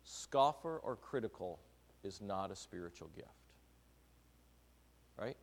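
Middle-aged male preacher, gravelly and conversational, questions the congregation; long hall reverb. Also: lowish voice, animated, slow, slight background noise. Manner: conversational, asks the congregation questions, acts out quotes. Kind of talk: sermon.

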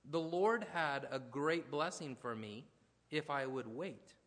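A man's voice: a little high, expressive, slow pace, fairly bright tone. A man preaching a sermon, talking conversationally and telling personal stories with asides and restarts. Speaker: pastor. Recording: long hall reverb.

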